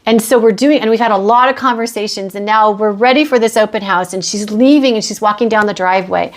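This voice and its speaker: A woman's voice: medium pitch, fast talker. A middle-aged woman hosting a podcast, telling a personal work story in a chatty, anecdotal way. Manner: chatty, anecdotal, with acted-out quotes. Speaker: podcast host and real estate agent. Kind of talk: storytelling monologue.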